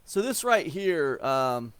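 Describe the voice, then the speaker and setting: A man's voice: on the high side, very animated, takes it slowly, a bit bright, clean tone, no echo. A man in his forties from Ohio, talking casually about email marketing in a rambling way, full of fillers and restarts. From Ohio, USA. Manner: rambling, with many fillers and repeated words. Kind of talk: casual explanatory talk.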